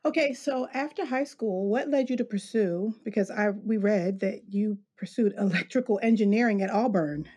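A woman co-hosting a podcast in a relaxed, chatty tone. Her voice has a slightly breathy edge, and she asks questions brightly and laughs easily. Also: mid-range voice, normal speed, hardly any pauses. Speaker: podcast co-host. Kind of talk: casual chat.

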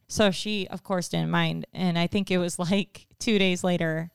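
A woman's voice: on the low side, fairly even intonation, normal speed, gravelly, hardly any pauses, clean tone, no echo, studio quality. A woman in her thirties chatting casually, telling a story and acting out quotes. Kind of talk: casual chat.

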